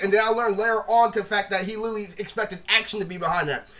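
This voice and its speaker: A man's voice: high-pitched, steady tone, very fast, hardly any pauses, fairly bright tone. A man in a blunt, profane, rambling monologue, retelling a feud and leaning on filler words. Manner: rambling, repeats "literally" constantly, blunt and profane. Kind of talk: ranting monologue.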